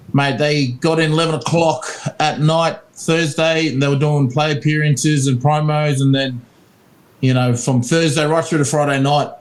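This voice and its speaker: A man's voice: fairly high pitch, rough recording. A man from Fiji who co-hosts a rugby podcast, talking casually in a laid-back way, often trailing off into fillers and laughing. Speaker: podcast co-host and rugby commentator. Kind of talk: casual chat.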